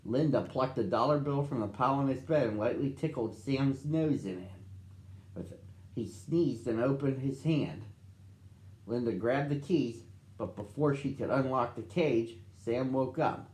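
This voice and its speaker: A man's voice: medium pitch, unhurried, darkish tone, roomy sound. A man reading a storybook aloud expressively for children.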